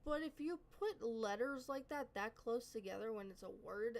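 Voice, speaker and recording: A woman's voice: on the high side, lively intonation, moderate pace, poor audio. Chatty, self-correcting woman reaction vlogger. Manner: chatty, rambling, often apologizing and correcting herself. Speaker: reaction channel host. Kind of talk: casual reaction commentary.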